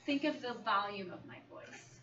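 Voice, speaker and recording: A woman's voice: fairly high pitch, normal speed, bright, forceful tone. A woman teacher leading a small-group reading lesson, patiently asking questions and coaxing the children to answer. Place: classroom. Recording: echoey, distant, dull, noisy classroom recording.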